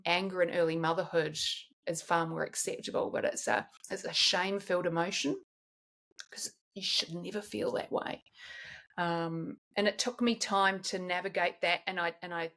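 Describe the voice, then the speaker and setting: A woman's voice: on the low side, fairly even intonation, moderate pace, fairly bright tone. Reflective woman in her forties. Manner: reflective, searching for words with frequent restarts. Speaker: guest. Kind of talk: candid podcast conversation.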